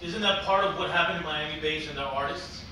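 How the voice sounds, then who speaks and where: A man interviewing guests, asking quick casual questions with laughing asides. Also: on the high side, bright, forceful tone. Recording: very echoey, distant from mic, background noise.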